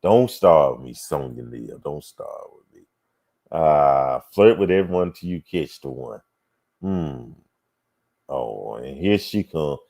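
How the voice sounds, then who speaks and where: Slow, low-voiced man hosting a chat show. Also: darkish tone. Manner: slow, musing, reacts with hums and sighs. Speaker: show host reading viewer comments. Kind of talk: casual livestream chat.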